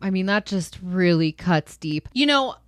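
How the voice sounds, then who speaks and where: A woman's voice: on the low side, animated, a little slow, dry recording, clean studio sound. A young woman hosting a show, reading online stories aloud and reacting to them in an emphatic, chatty way, speaking straight to the viewer. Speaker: host.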